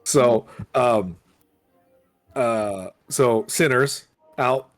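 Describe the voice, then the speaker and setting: A man's voice: mid-range voice, extremely slow. A man co-hosting a podcast, telling stories from his shop in a casual, swearing way and quoting customers. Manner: animated, swearing, quotes customers in voices. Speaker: podcast co-host, comic shop worker. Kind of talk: casual storytelling chat.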